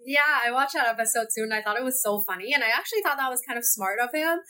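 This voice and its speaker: A woman from Hong Kong, a podcast guest, telling animated personal stories and laughing often in a casual interview. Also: fairly high pitch, quick pace.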